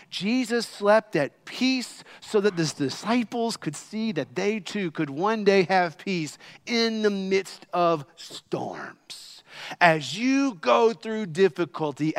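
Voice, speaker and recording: Dynamic pastor preaching, loud to hushed. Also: male voice, high voice. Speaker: senior pastor. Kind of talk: sermon.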